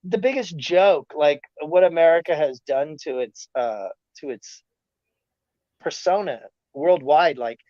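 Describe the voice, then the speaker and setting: A man talking as a podcast guest in a rambling, animated rant, often slipping into mocking quoted voices. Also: on the high side, no room sound, highs cut off. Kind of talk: casual chat.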